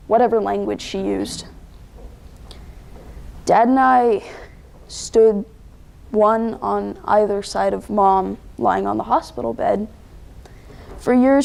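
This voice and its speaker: A teenage girl performing a dramatic interpretation, narrating with deliberate pauses and emotion. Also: mid-range voice, vocal fry, darkish tone. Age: teens. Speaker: student competitor.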